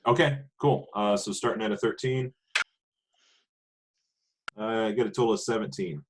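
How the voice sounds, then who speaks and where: A man playing in a tabletop game, talking haltingly with many fillers. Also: on the low side, steady tone. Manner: halting, lots of uh and um. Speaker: player. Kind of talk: casual role-play chat.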